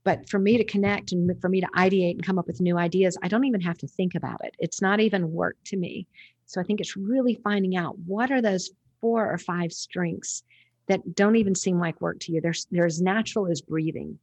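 A woman's voice: lowish voice, brisk, darkish tone, husky, no room sound, lo-fi sound. A woman guest on a podcast interview, talking in a reflective, rambling way with restarts.

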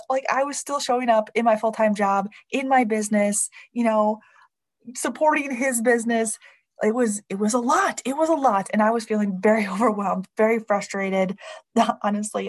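A woman's voice: fairly high pitch, poor audio. A woman in her thirties candidly telling a personal story, laughing often and acting out her own inner voice. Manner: expressive, laughs often while talking; lively acted-out inner voice.

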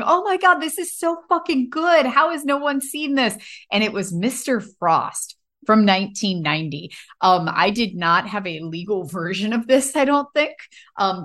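A woman co-hosting a podcast in relaxed, casual chat. She talks with eager enthusiasm and swears freely. Her voice sits at a middle pitch. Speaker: podcast co-host.

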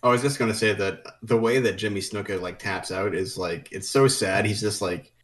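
A man's voice: on the low side, moderate pace. A man co-hosting a casual podcast, chatting loosely about wrestling with many fillers. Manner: relaxed, chatty, lots of "like" fillers. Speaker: podcast co-host.

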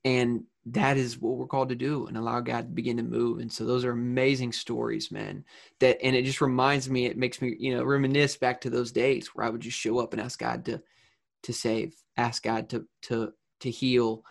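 A man's voice: mid-range voice, flat delivery, moderate pace, gravelly. A man in casual conversation, reflective and rambling, who laughs between words. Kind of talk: casual chat.

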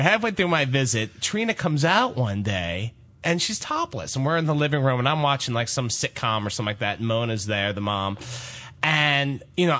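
A man spins a long, rambling anecdote on a podcast with plenty of animation and laughter. His voice is bright, and his intonation swings freely up and down. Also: fairly high pitch. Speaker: podcast co-host. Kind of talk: casual storytelling.

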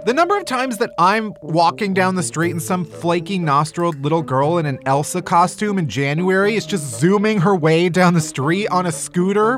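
A man's voice: high-pitched, fairly bright tone. A man hosting a comedy podcast, ranting theatrically and swearing in exaggerated outrage. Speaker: podcast host.

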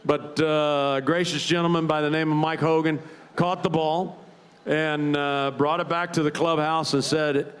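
A man's voice: a little high, flat delivery, measured pace. Chuckling older man spinning stories. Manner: rambling, restarts, chuckles while telling stories. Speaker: retired baseball player, guest. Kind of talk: storytelling anecdotes in a live interview.

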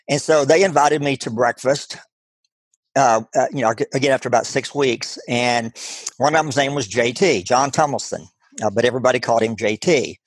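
A middle-aged man with a Texan accent and medium pitch tells a personal story earnestly as an interview guest. He halts and restarts often, and there is no echo.

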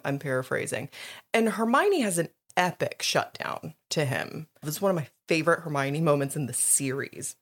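A woman co-hosting a podcast, chatting casually about a book, animated and quick to laugh and swear. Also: low-pitched. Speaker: podcast co-host. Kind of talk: casual chat recapping a book.

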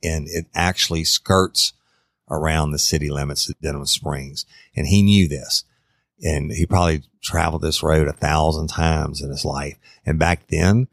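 A man's voice: rumbling low, creaky, dry recording, studio quality. A man telling a true crime story in a casual, conversational way, addressing his listeners directly.

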